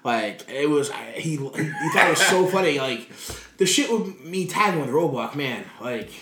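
A man being interviewed, telling stories in a lively way, swearing freely and laughing as he talks. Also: fairly high pitch, normal speed. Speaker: guest wrestler. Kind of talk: casual interview storytelling. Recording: roomy echo.

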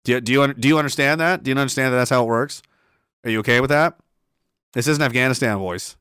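A man's voice: mid-range voice, quick pace, a bit bright, smooth, no echo, studio quality. A man streaming casually, reading chat aloud and rambling sarcastically with lots of fillers. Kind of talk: casual live-stream commentary.

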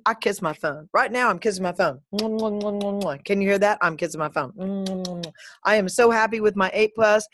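A middle-aged woman telling a chatty, animated story to her viewers, with a playful, sometimes profane manner. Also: medium pitch, no echo, studio quality. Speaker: vlogger. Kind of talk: casual talking-to-camera monologue.

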